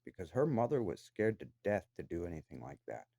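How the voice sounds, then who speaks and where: A man's voice: low voice, very animated, brisk, gravelly, dark tone, no echo. A man delivering an angry, profane, accusatory rant to the camera from his own room downstairs in a house. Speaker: vlogger.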